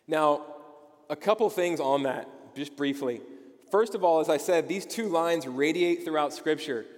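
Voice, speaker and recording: A man's voice: a little high, moderate pace. A man preaching a sermon as pastor, emphatic and asking his listeners rhetorical questions, with frequent checks of "okay?". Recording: long hall reverb.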